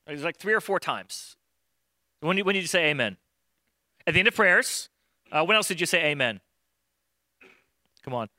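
A man's voice: fairly high pitch, expressive, normal speed, pauses often, bright, forceful tone, dry recording. A man preaching a conversational sermon, acting out Bible scenes in everyday modern speech. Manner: conversational, acts out Bible dialogue in modern voices. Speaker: pastor.

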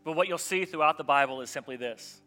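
A male pastor preaching with a bright, forceful tone. He tells the story vividly and acts out the people in it. He pushes hard on key lines, then drops almost to a hush. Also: on the high side, fast, soft background music. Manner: animated storytelling, acting out voices of biblical figures; swings from loud and emphatic to quiet and soft. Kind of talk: sermon.

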